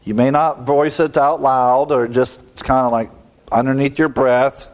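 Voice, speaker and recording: A man's voice: medium pitch, steady tone, unhurried. A man, a pastor, giving an expository sermon, explaining word meanings and asking rhetorical questions with a chuckle now and then.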